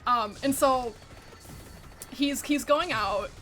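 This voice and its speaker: A woman's voice: high voice, slow pace, a bit bright, faint music behind. A young adult woman streaming a game, chatting casually and animatedly, swearing freely and saying "like" a lot. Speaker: VTuber streamer. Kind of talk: casual chat while gaming.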